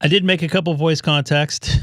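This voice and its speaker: A man hosting a casual ham radio live stream from his home radio room, telling stories in an excited, rambling way. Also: a little high, normal speed, no echo, clean studio sound.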